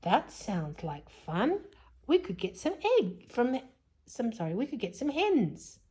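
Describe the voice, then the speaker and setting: Woman playing eager storybook kids, much higher and louder than her reading voice. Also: measured pace, breathy edge, exaggerated voice. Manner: high, excited and pleading. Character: eager excited young children.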